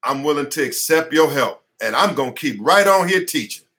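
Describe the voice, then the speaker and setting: A man's voice: a little high, expressive, brisk, a bit bright. A man who is an attorney, giving an impassioned online class lecture from his headquarters, fiery and preacher-like, repeating phrases for emphasis, sweating as he talks. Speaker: attorney and teacher.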